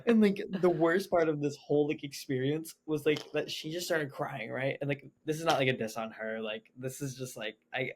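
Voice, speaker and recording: A young man, a podcast guest, telling a personal story in casual chat, animated and quoting himself with lots of "like". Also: on the high side, moderate pace, hardly any pauses, slight background noise. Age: young adult. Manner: animated, quotes himself, heavy use of "like".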